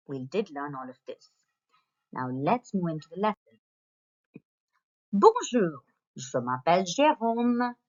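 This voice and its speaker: Low-voiced woman teaching a slow lesson. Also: lo-fi sound. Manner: slow, repeats phrases for pupils to copy. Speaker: French teacher. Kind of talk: recorded online lesson for pupils.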